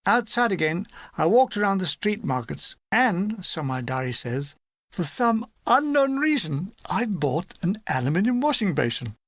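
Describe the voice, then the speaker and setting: Lively man reading a war memoir. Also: sits high, moderate pace, dry recording, studio quality. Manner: lively, animated reading with put-on character voices. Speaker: audiobook reader. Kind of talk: audiobook narration of a war memoir.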